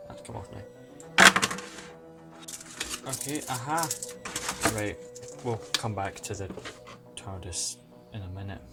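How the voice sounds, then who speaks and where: Slow-talking excitable man. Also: fairly low pitch. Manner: excitable, chatty, self-mocking asides. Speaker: toy collector vlogger. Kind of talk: casual unboxing commentary. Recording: music playing underneath. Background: background music.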